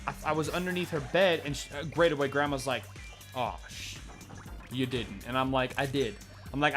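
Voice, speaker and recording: Young man, bright and a bit high-pitched, goofy improvised gameplay storytelling, swears a lot, faint music under him. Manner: silly, profane, acting out both sides of a made-up dialogue. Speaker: gameplay commentator. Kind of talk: rambling improvised game narration.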